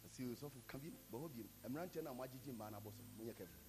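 A man with a Ghanaian accent preaching a sermon, building up to shouted lines. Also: mid-range voice, expressive, very fast, rough recording. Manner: preaching, switching between Twi and English, rising to shouts. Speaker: pastor. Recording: with loud music behind.

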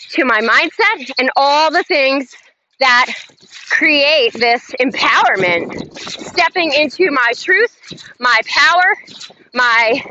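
A woman's voice: high voice, sharp tone. A woman hosting a motivational talk, speaking emphatically and leading chant-like affirmations. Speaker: host. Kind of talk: motivational self-help talk. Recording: slightly dull lo-fi audio, faint noise.

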